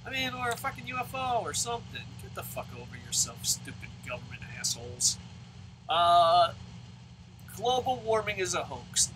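A man ranting profanely as he plays a baseball video game, with loud outbursts. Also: high voice, very animated, moderate pace, slight background noise, low-quality recording. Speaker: let's play host. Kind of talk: profane gaming commentary rant.

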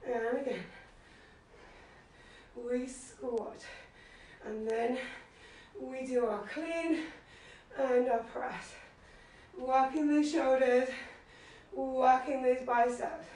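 Breathless high-voiced woman instructor, far from the mic in a very echoey room, low-quality stream. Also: very slow, long pauses, darkish tone. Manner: encouraging, cueing moves and counting reps. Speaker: fitness instructor. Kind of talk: live workout class instruction. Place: living room at home.

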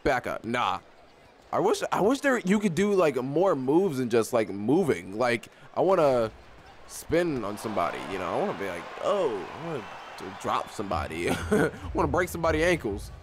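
A young man giving casual live commentary on his own basketball video game, excitable and often repeating himself as he talks to the players on screen. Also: mid-range voice, moderate pace, noisy background. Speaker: gaming YouTuber.

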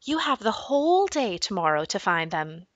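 An anxious, placating mother from a children's storybook, pitched high and quick to soothe, as a woman reads her aloud. Her lines swing up and down with a bright, forceful tone. The voice sits dry and close. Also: sing-song, no echo. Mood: nervous. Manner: high, nervous and eager to smooth things over. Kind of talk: reading a children's book aloud.

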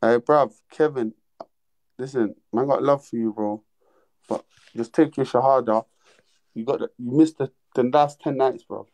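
A man's voice: medium pitch, moderate pace, long pauses, a little mellow. A young man hosting a casual livestream, teasing callers bluntly in street slang. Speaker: livestream host.

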